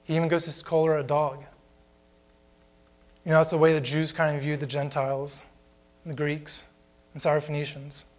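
Man preaching a sermon, raised pitch. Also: level tone, normal speed, pauses often. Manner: asks the congregation many rhetorical questions; plain conversational preaching. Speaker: pastor.

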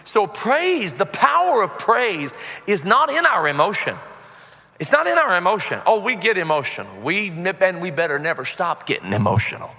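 A fervent male preacher with a high, ringing voice, rising from steady teaching to loud shouted and half-sung praise. His voice carries a long reverb from the church hall around him. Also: moderate pace, gravelly. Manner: passionate, yells when preaching. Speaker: pastor. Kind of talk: sermon. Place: church sanctuary.

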